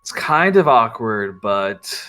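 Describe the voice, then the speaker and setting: A man narrating as game master of a tabletop game, animated, often stumbling and restarting his sentences. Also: on the low side, takes it slowly.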